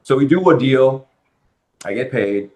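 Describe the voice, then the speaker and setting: On a podcast interview, a middle-aged guest from the Bronx, New York, who works as a real estate lender, recounts his story a little slowly at medium pitch. He's an animated storyteller who acts out quoted dialogue from people he dealt with.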